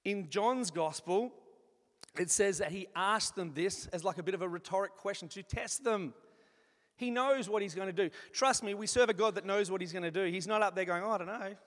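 A man preaching a sermon in an animated, conversational way, acting out little asides as he goes. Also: high-pitched, moderate pace. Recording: long reverb of a large hall.

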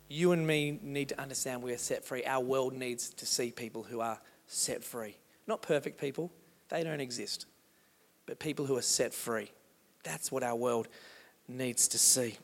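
A man preaching a sermon as pastor, moving between loud rousing passages and slow, quiet meditative reading. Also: medium pitch. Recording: long hall reverb.

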